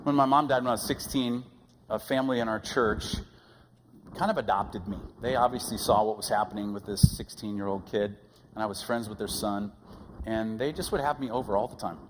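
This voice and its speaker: Storytelling pastor in a reverberant hall. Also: male voice, lowish voice, a little fast, background noise. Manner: storytelling, animated, acts out quoted voices. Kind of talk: sermon. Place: church sanctuary.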